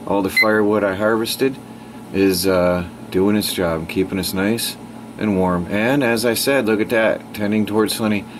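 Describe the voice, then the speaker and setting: A lower-voiced man rambles casually to his camera while standing outdoors in the snow. The camera mic picks up clear background noise and chickens clucking around him. He sometimes sounds out of breath from the cold. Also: steady tone, moderate pace. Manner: rambling, chatty, talks to his birds. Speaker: homesteading vlogger. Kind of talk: casual vlog narration. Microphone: handheld camera mic.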